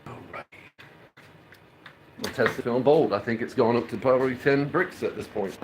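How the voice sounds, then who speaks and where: A man's voice: mid-range voice, normal speed, roomy sound, noisy background. A man live-streaming his home beer brewing, chatting casually, rambling and swearing as he works in his kitchen. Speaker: homebrewing streamer.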